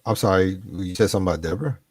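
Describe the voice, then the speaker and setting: A man joining a casual live-stream discussion as a guest, stammering and quick to apologize. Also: low-pitched, darkish tone, breathy edge.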